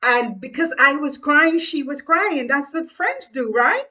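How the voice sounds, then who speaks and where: A woman from Guyana, telling childhood memories in a slow, earnest way and speaking straight to her listeners. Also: high voice, lively intonation, pushed and bright, distant mic. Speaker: speaker sharing childhood stories. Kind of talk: reflective storytelling to viewers.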